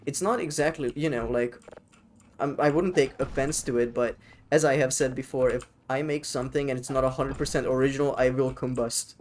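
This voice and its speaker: Guy streaming a game, rambly and sweary, mid pitch, slight hiss behind. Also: fairly even intonation, a little fast, darkish tone. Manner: rambling, swears freely, answers chat. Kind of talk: casual live-stream chat while gaming.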